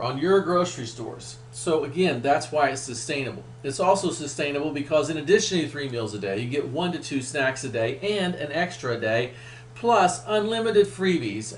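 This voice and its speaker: Man pitching a weight loss webinar. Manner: upbeat sales pitch, emphatic. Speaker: weight loss program presenter. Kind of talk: webinar presentation. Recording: echoey room with faint hum.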